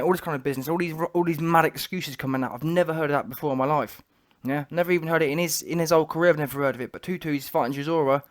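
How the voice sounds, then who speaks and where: Man, boxing reaction commentary, higher pitch, opinionated, slangy, many restarts. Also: quick pace. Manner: opinionated, trash-talking, lots of restarts.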